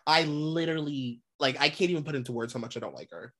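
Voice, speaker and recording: A woman's voice: low-pitched, fast. A woman co-hosting a podcast in casual chat, ranting bluntly with lots of swearing. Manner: blunt, sweary, animated rants with laughs. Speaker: podcast co-host.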